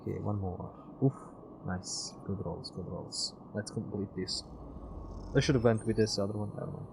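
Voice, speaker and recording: A man's voice: moderate pace, vocal fry, noisy background. A man streaming a game, mumbling his moves to himself and reading the story narration aloud. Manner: mutters to himself, low and offhand. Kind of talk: let's-play commentary and narration. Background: music.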